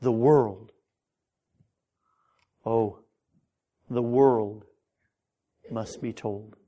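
A middle-aged man preaching a sermon in a church. His delivery is impassioned, with frequent stammered restarts, and his pitch climbs when he gets stirred up. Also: warm tone. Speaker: pastor. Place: church sanctuary.

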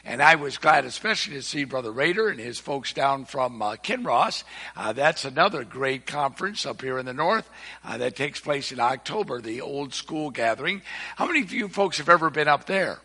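Older man preaching, folksy earnest sermon, bright ringing tone, long church reverb. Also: medium pitch, lively intonation, moderate pace, husky. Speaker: visiting preacher. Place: church sanctuary. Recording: echoey hall with long reverb.

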